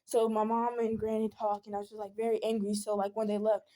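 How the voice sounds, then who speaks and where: A woman's voice: mid-range voice, flat delivery, fast, mellow. A young woman venting in a casual storytime vlog, rambling with many fillers and restarts. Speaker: vlogger.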